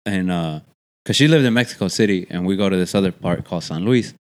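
A man's voice: sits low, fast. Laid-back man, casual storyteller, swears a lot, laughs easily. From Texas. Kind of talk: casual chat.

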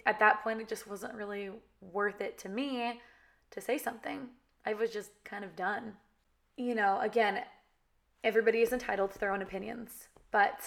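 A woman's voice: mid-range voice, vocal fry. A young woman from California with a valley girl accent, talking candidly and chattily to her viewers, full of "you know" and "like". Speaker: reality TV cast member. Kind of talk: candid direct-to-camera talk.

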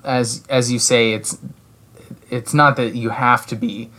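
A man's voice: mid-range voice, steady tone, measured pace, sharp tone. A man co-hosting a casual chat, hesitant and searching for words, with many "like" and "um". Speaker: podcast co-host discussing a game.

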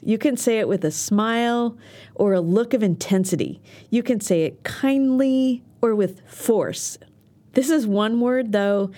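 A woman's voice: medium pitch, dark tone. A middle-aged woman hosting a self-defense podcast, delivering an earnest, encouraging scripted monologue.

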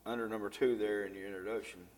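A man's voice: fairly low pitch, steady tone, fast talker. A man teaching a Bible lesson, reading scripture with rising emphasis and talking folksy to the congregation. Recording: long reverb in a church hall.

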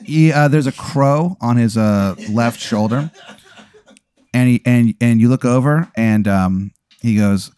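A man's voice: mid-range voice, measured pace, darkish tone. A man hosting a podcast, improvising a rambling comedic story with many fillers and restarts. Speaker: podcast host.

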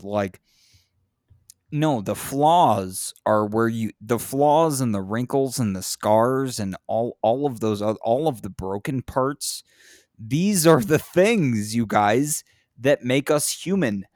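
A man in casual chat who talks in a profane, animated way and gets louder and higher when he is worked up. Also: slow, no echo, studio quality. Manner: profane, animated, rises in pitch when impassioned.

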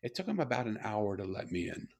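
Gravelly man telling earnest stories. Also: fairly low pitch, sing-song. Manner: slow, earnest, repetitive phrasing. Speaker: guest, storyteller and author. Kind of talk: reflective conversational storytelling.

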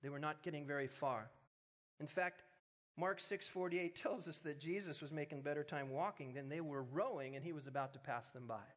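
A man's voice: a little high, a little fast, fairly bright tone. A man preaching a sermon, retelling a story with humor and building to emphatic exhortation. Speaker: pastor.

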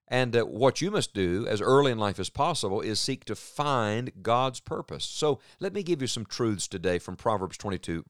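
A middle-aged man preaching a sermon in an earnest, measured way, pausing for emphasis. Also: medium pitch, no echo, clean studio sound.

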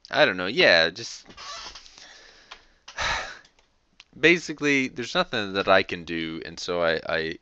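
A man talks through a rambling, profane podcast monologue, full of fillers and quick laughs. His voice sits on the low side but comes across bright and smooth. The recording sounds dull and lo-fi. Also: dry recording. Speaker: podcast host.

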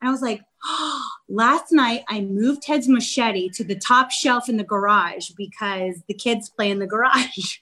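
A woman telling a story in casual chat, animated, acting out her own shouts. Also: sits high. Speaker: guest author.

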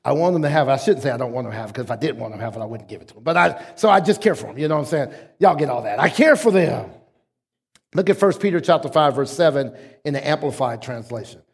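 A man's voice: medium pitch, animated, fast, slightly rough. A male pastor preaching a sermon, emphatic and rhythmic, calling on the congregation to repeat after him. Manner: emphatic preaching with call-and-response. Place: church sanctuary. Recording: echoey hall.

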